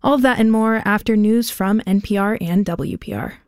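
Female classical radio host, friendly and clear, mid pitch, dry booth. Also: normal speed, darkish tone, no echo. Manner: friendly, reading a program rundown. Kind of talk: radio announcing. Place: radio studio.

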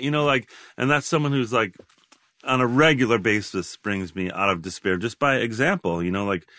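Man, 60s, low voice, halting and rambling, dry close studio sound. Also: lively intonation, fairly bright tone, no room sound. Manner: rambling, halting, many restarts and fillers. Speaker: guest. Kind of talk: reflective conversational interview.

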